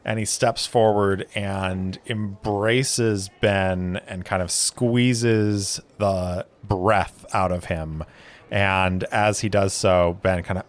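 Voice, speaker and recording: A man's voice: deep voice, fairly even intonation, slow pace. A man narrating a solo tabletop game as game master, thinking aloud as he rolls.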